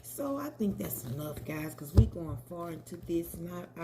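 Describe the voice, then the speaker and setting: A woman's voice: fairly low pitch, moderate pace, creaky, few pauses, over loud music. A woman giving casual commentary and a tarot reading, chatty and talking straight to her viewers. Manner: chatty, addresses viewers as y'all. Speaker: tarot reader.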